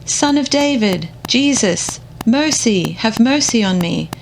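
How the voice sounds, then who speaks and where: A woman voicing a blind male beggar who cries out for mercy, lifting her voice higher and louder. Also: expressive, a little slow, gravelly, a little hiss or hum, poor audio. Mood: pleading. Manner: pleading, raised and higher.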